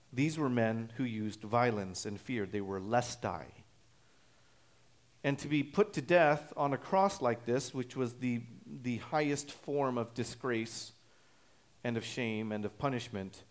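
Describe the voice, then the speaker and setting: A male pastor delivering an expository sermon, teaching in a measured, explanatory way with frequent "uh" pauses and restarts. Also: mid-range voice.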